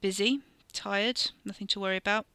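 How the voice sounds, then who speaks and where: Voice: medium pitch, steady tone, normal speed, bright, forceful tone, clear, resonant tone, no echo. A storyteller voicing a curt, tense young man who speaks in short, clipped replies. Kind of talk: audiobook character voice.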